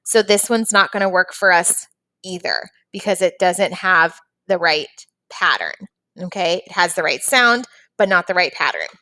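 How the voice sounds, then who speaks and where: A woman's voice: on the low side, expressive, normal speed, sharp tone, dry recording. A woman teacher patiently walking young students through a phonics and reading lesson, step by step.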